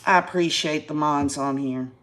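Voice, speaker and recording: A woman's voice: low-pitched, moderate pace, a bit bright. A woman in her fifties from Tennessee with a Southern accent, hosting a casual live stream and ranting to her viewers in folksy country phrasing. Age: 50s. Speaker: YouTube live-stream host.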